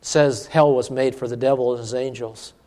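A man preaching a sermon, animated, swinging between emphatic peaks and hushed asides. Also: medium pitch, fairly quick, big-room sound.

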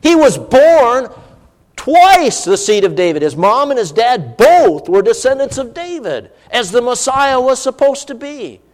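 High-voiced preacher in a reverberant hall. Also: male voice, moderate pace, few pauses. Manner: animated, rising to emphatic peaks and dropping to hushed asides. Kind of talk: sermon.

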